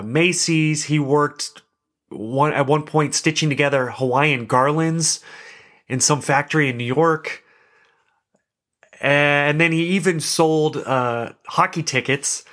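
Young guy podcast host rambling thru a story, jokey and self-deprecating, ordinary middle pitch. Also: a bit bright. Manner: chatty, self-deprecating, laughs now and then. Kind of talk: casual storytelling monologue.

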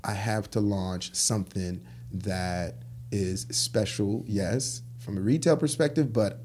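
This clothing store founder, a guest in a casual interview, speaks slowly in a lowish voice, with a slight hiss or hum in the background. He tells animated stories about his business and acts out the dialogue he quotes.

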